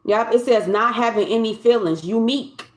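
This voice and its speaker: A woman's voice: a little high, normal speed, reverberant. Chatty woman giving a tarot reading. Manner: loose, conversational, repeats and restarts phrases. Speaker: tarot reader.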